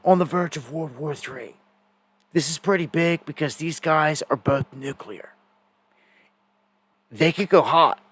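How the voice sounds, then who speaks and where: A man's voice: fairly high pitch, a bit bright, no echo. A man hosting a live news stream, telling stories in a rambling, casual way with many fillers and repeated words.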